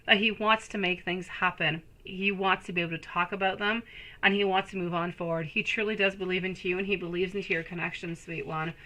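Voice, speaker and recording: A woman running a live tarot stream, her voice bright and clear. She talks in an affectionate, reassuring way and keeps calling her listeners sweet pet names. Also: lowish voice, low-quality recording. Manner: soothing, reassuring. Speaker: tarot reader.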